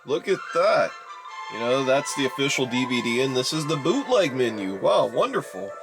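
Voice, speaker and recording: A young man in his twenties talks his viewers through a gadget test in loose, rambling commentary. He sounds exasperated and keeps calling his audience "ladies and gentlemen." His voice sits at an ordinary middle pitch for a man. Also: very animated, normal speed, over music. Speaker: YouTuber reviewing a DVD player. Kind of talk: casual rambling video commentary.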